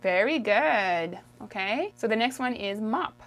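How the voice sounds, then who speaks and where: A woman from Quebec teaching French, who says each word slowly and repeats it for the learner. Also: medium pitch, lively intonation, fairly bright tone. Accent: Québécois French. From Quebec, Canada. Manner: patient, drills words slowly and repeats them. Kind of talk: video language lesson.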